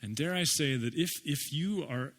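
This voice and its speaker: A man's voice: fairly high pitch, normal speed, fairly bright tone. A man preaching a sermon as pastor, in a conversational way, often asking his listeners rhetorical questions.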